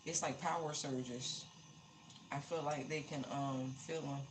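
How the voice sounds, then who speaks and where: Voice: mid-range voice, steady tone, unhurried. Emphatic, casual tarot reader over a noisy stream. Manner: casual, emphatic, repeats herself for stress. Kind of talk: live-streamed tarot reading.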